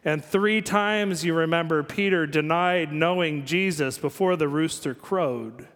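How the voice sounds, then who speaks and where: High-voiced pastor in an echoing church. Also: male voice, unhurried, a bit bright. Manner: conversational storytelling with asides and small jokes. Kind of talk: sermon.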